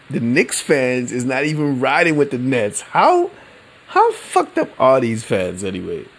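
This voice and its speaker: A man hosting a casual solo sports podcast, rambling in a relaxed, slangy way and laughing often. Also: medium pitch, husky. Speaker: podcast host.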